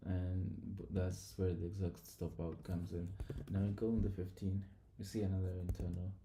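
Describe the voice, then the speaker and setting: A man thinking aloud in halting, mumbled commentary as he backtests trades. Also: sits low, little pitch movement. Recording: echoey room, noisy.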